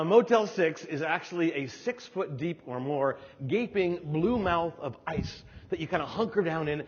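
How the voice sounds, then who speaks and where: A middle-aged man from New Jersey delivers a lively, humorous keynote story, slipping into voices as he acts out scenes. His voice is slightly high and husky. The recording is dull and muffled, with the long reverb of a large hall. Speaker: keynote speaker.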